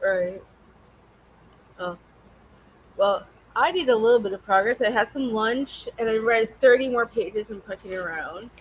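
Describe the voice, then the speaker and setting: A woman's voice: fairly high pitch, measured pace, long pauses, husky, low-quality recording. A woman hosting a casual book chat, giggly and agreeable. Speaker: podcast host. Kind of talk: casual chat about books.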